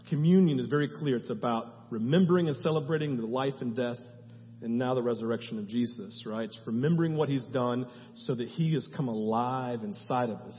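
A male pastor preaching a sermon in a passionate, conversational way, asking his listeners question after question. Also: mid-range voice. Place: church sanctuary. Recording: reverberant hall, slightly dull sound.

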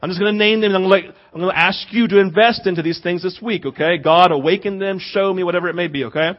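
A man preaching a sermon, reading scripture and then acting out little scenes to press his points, swinging from loud emphasis to near-murmured asides. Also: sits high, fast. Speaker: pastor. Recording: dull lo-fi sound.

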